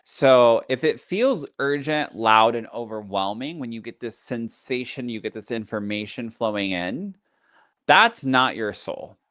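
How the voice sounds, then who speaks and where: A man's voice: mid-range voice, expressive, measured pace, a bit bright, dry recording, clean studio sound. A man who teaches as a psychic medium, talking casually on a podcast in a chatty teaching tone full of fillers.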